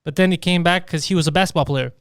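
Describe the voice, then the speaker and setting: A man's voice: on the high side, fast, no room sound, studio quality. A man co-hosting a comedy podcast, chatting casually and loosely, swearing and acting out quotes in put-on voices. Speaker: podcast co-host.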